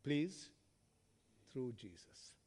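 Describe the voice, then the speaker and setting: A man preaching a sermon who reads scripture aloud, asks the listeners rhetorical questions and calls them friends, with strong shifts between loud emphasis and quiet trailing words. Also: medium pitch, very animated, drawn-out words, husky. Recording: long hall reverb.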